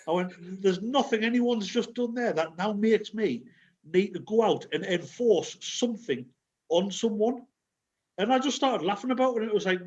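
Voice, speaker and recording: A man shares a personal story with a candid, sweary bluntness. His voice sits a little high for a man, and it comes through dull and lo-fi over a video call. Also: a little fast. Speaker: community group member. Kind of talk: casual group sharing.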